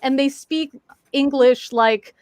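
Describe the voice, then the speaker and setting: A woman's voice: high-pitched, slow, a little mellow, no room sound, clean studio sound. A woman in casual chat on a live stream, telling a story with lots of fillers and playful voice mimicry. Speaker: guest on a live talk stream.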